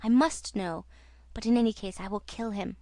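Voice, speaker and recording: A woman's voice: mid-range voice, normal speed, dark tone, dry recording, close to an everyday voice. A woman reading aloud and voicing a furious young nobleman, with fierce, urgent delivery.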